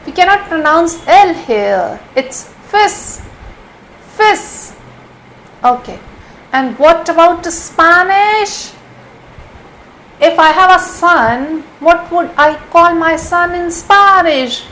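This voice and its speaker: Woman, Hindi speaker, patient vocabulary teacher, high-pitched, unhurried drill style. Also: lively intonation, bright, forceful tone, a little hiss or hum, rough recording. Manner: patient, repeats each word slowly several times. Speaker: language teacher. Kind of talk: vocabulary lesson.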